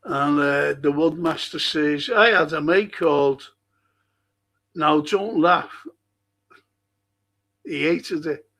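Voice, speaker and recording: Older male stream host with a Liverpool accent, gravelly and husky, unhurried, swears and laughs. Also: fairly high pitch, a bit bright. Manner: chatty storyteller, swears freely, laughs at own stories. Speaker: livestream host reading chat. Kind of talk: casual chat.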